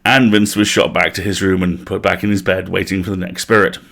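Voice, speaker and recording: A man's voice: sits low, level tone, fairly quick, vocal fry, fairly bright tone. A man reading a comic parody story aloud on a live stream, playful, stopping now and then to laugh and comment.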